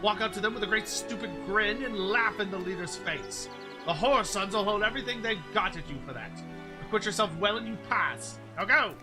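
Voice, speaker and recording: A man's voice: sits high, brisk, over music, lightly acted. A man doing a scornful, barking drill sergeant. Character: gruff veteran military drill sergeant.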